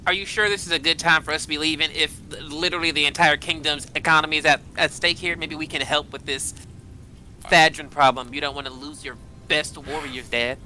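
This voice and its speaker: A man's voice: fairly high pitch, fairly even intonation, fairly quick, sharp tone, rough recording. A man playing a tabletop role-playing game in character, talking in a rambling, hesitant way with many fillers. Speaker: player.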